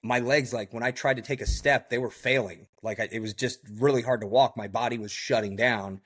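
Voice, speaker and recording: A man with a voice of middling pitch tells his story as a podcast guest, in a loose and animated way. He keeps dropping "like" and "you know," and he slips into other people's voices when he repeats what they said. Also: fairly quick. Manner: heavy use of "like" and "you know". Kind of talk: recounting a survival story in a podcast interview.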